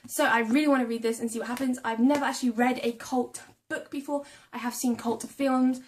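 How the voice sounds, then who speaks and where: A woman's voice: on the high side, steady tone, brisk, a little mellow, slight background noise. A young woman chatting casually about books she bought, reading blurbs aloud and stumbling over names and hard words. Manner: reads book blurbs aloud. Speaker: book vlogger. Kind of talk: casual chat about a book haul.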